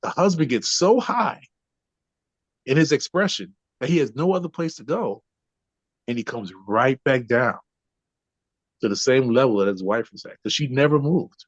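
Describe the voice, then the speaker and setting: A man's voice: mid-range voice, lively intonation, normal speed, long pauses, no echo. Guy on a podcast explaining stuff, keeps saying right?, dull dry sound. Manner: keeps adding "right?" to check in. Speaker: podcast guest, trainer. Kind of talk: explanatory conversational talk.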